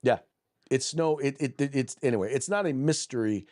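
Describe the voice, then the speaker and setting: A man's voice: medium pitch, a little fast, darkish tone, a little hiss or hum. A man hosting a political podcast, combative and blunt, who reads news articles aloud, often restarts and repeats words. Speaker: podcast host.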